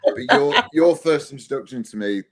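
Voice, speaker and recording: A man's voice: mid-range voice, animated, normal speed. A man, a wrestler, chatting casually in an interview and telling rambling, self-deprecating stories. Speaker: guest, wrestler.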